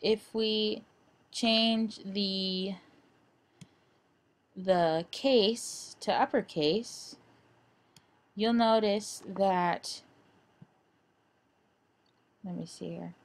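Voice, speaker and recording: A young woman walks through a screen-recorded design lesson at an unhurried pace. She talks in a halting way, with frequent fillers and restarts. Her voice sits at a middle pitch. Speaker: instructor.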